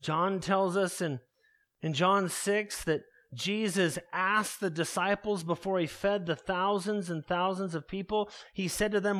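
A man's voice: high-pitched, steady tone, unhurried, a bit bright. A man preaching an earnest expository sermon, calling his listeners beloved.

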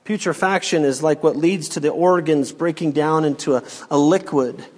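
A man preaching an expository sermon as pastor, slow and emphatic, his voice rising sharply on the quoted commands. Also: on the high side. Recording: long hall reverb.

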